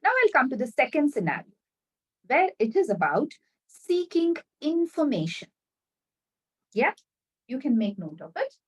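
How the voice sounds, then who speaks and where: A woman teaching business English in an online lesson, repeating example sentences slowly and checking that viewers follow. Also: high-pitched, very animated, slightly rough, distant mic, low-quality recording. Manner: addresses viewers directly, checks understanding.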